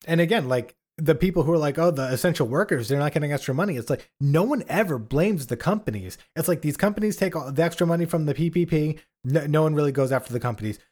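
A man's voice: on the high side, lively intonation, quick pace, few pauses, a little mellow. A man co-hosting a casual political podcast. He sounds indignant, fills his talk with "like" and acts out the people he quotes. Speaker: podcast co-host.

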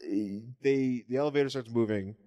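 A man's voice: mid-range voice, normal speed, warm tone, no echo. Jokey man podcast co-host. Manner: jokey, riffs with silly voices. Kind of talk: casual comic chat.

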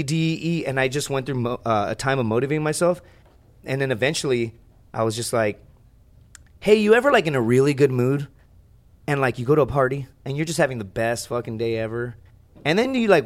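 A young man telling a story as a podcast guest, in rambling, profane casual chat with lots of animated asides. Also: medium pitch.

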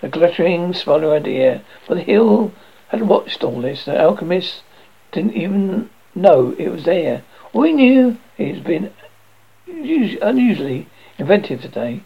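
A man's voice: high-pitched, sing-song, normal speed, gravelly, slightly rough. A man narrating a novel aloud in an amateur reading, often stumbling and correcting himself. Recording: dull lo-fi recording.

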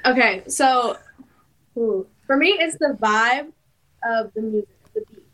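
A young woman rapper talks about her work in a relaxed, easygoing way on a studio podcast. Her voice sits somewhat high for a woman. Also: measured pace, rough recording. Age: young adult. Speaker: rapper and guest. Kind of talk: casual podcast conversation.

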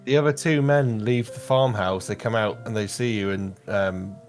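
A man's voice: on the low side, normal speed, soft background music. A man narrating a tabletop game as game master, describing scenes to the players.

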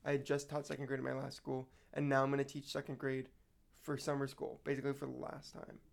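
A man co-hosts a podcast in casual chat, his voice carrying some vocal fry. He is a teacher and tells stories in an animated way, laughing along. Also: medium pitch, fast talker. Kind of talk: casual storytelling.

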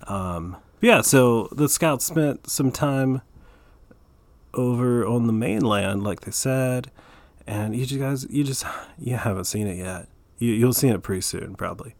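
A man's voice: fairly low pitch, vocal fry, darkish tone, no echo. A man hosting a casual podcast, rambling with lots of fillers and restarts, his voice stuffy from allergies. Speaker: podcast host.

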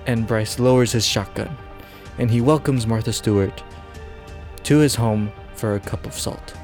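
A man's voice: medium pitch, normal speed, a little mellow, soft background music. A man hosting a podcast, making up a silly story, rambling and laughing at himself. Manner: rambling, giggly, self-interrupting. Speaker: podcast host. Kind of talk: improvised comic storytelling.

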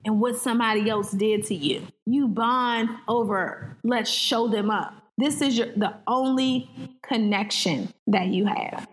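This podcast guest speaks a little slowly in a fairly high voice, spinning lively stories and performing the quoted lines as she chats. A long reverb tail trails her words on a low-quality recording.

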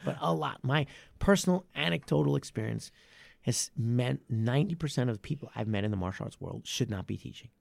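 Guy with a gravelly voice, rambly podcast chat, dry close mic, keeps correcting himself. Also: mid-range voice, no echo. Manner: rambling, self-correcting, animated when making a point. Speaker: martial arts academy owner and podcast host.

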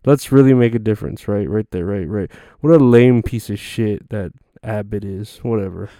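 A man's voice: lowish voice, normal speed, mellow, no room sound, studio quality. Sarcastic, foul-mouthed man ranting. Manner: crude, sarcastic and profane; rambling with frequent fillers. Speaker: podcast host. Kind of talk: comedic rant monologue.

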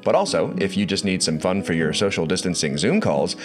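A podcast host with a very deep voice who talks in a chatty, easy way. Guitar music plays clearly behind him. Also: male voice, expressive, a little fast. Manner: chatty, reads listener shout-outs. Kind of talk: casual podcast hosting.

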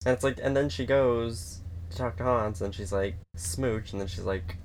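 A man chatting casually about a film, rambling, swearing and acting out scenes in quick little quoted voices. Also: medium pitch, noisy background. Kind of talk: casual chat.

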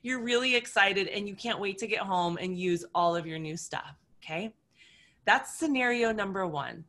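A woman coach talks in an animated storytelling way, slipping into quoted inner voices to make her point. Her voice is bright and forward, pitched in an ordinary middle range. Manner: vivid, acts out scenarios with quoted inner voices. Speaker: nutrition coach.

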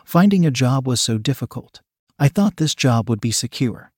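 A man's voice: mid-range voice, lively intonation, moderate pace, dry recording, studio quality, close to an everyday voice. A man reading the lines of a distressed woman office worker who is being fired, in a pleading, upset way. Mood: distraught.

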